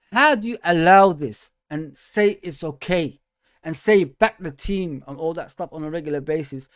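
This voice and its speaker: Guy hosting a fan show, worked up and ranting, says bro a lot, dry close mic. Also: dry recording. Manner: frustrated, exasperated ranting with rising pitch; casual slang, calls listeners bro and man. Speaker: host. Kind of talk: fan show commentary reading viewer comments.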